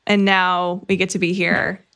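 A woman's voice: lowish voice, little pitch movement, a little slow, fairly bright tone, slight background noise. Young woman podcast host, upbeat and chatty. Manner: upbeat, enthusiastic. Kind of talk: casual podcast chat.

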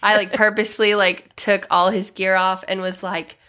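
A woman guest chatting casually on a podcast, easygoing and quick to laugh. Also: medium pitch, flat delivery, bright, forceful tone. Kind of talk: casual chat.

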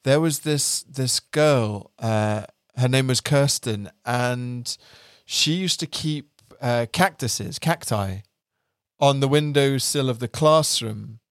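A young man with a British accent hosts a podcast and tells stories about himself in a chatty, self-deprecating way. His voice sits at a middle pitch, and the recording is dry and close. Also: slow pace, clear, resonant tone, no room sound. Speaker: podcast host. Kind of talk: casual chat.

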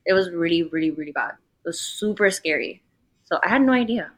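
Blunt, animated young woman storyteller. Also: lowish voice, fairly quick. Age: young adult. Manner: blunt, animated storytelling, fillers of 'like', acts out quoted voices. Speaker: podcast guest. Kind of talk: casual chat.

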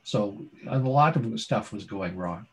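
A man's voice: fairly low pitch, expressive, measured pace, low-quality recording. Dramatic middle-aged male storyteller. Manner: dramatic storyteller, rhetorical questions. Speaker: guest, former doctor turned speaker. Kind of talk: storytelling interview.

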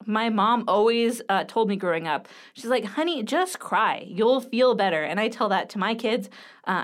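A woman in her thirties talks on her own podcast in a loose, candid way. She speaks straight to her listeners and fills her sentences with ums and likes. Her voice sits at an ordinary middle pitch for a woman. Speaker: podcast host. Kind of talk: casual solo podcast talk.

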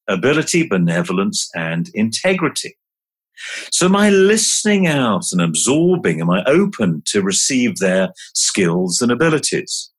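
A man on a podcast as a guest communication trainer, speaking slowly and emphatically as he coaches and guides a hypnosis. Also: medium pitch, breathy edge. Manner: slow, emphatic, coaching delivery.

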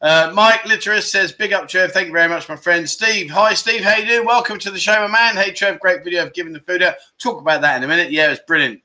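A middle-aged man runs a casual livestream chat, greeting viewers and reading out their comments. His voice sits fairly high and sounds bright. He mocks himself and exclaims often in a loose, chatty way. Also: steady tone, fast, few pauses. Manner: chatty, self-mocking, exclamatory. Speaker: livestream host.

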